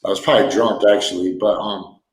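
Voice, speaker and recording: A man's voice: on the low side, steady tone, fairly quick. Man, livestream host, casual storytelling, laughs a lot, echoey bare room. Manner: rambling, joking, laughs often. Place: sparse room at home.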